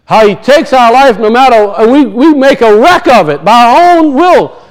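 A middle-aged man with a notably high voice preaching a lively sermon. He swings his pitch up and down, circles back on phrases for emphasis, and slips into acted-out voices. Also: normal speed, rough recording. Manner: animated preaching, rises and drops in pitch, acts out quoted voices; repeats and restarts phrases for emphasis.

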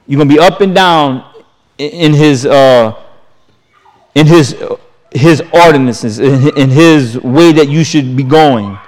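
A man delivering a sermon with a fairly high voice. He talks emphatically, repeating his phrases, rising loud on one line and dropping soft and slow on the next. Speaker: preacher.

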